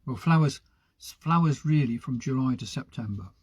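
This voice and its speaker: A man's voice: mid-range voice, expressive, moderate pace, darkish tone, slightly rough, dry recording. A man hosting a gardening live stream, chatting casually and rambling to himself as he sows seeds in a greenhouse. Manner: chatty, rambling, talks to himself while potting. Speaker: gardening channel host. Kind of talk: casual live-stream chat while working.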